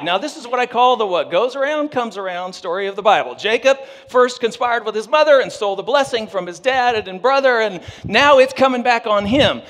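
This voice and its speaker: A pastor telling a story in a humorous sermon, animated and joking with his audience. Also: high-pitched, big-room sound.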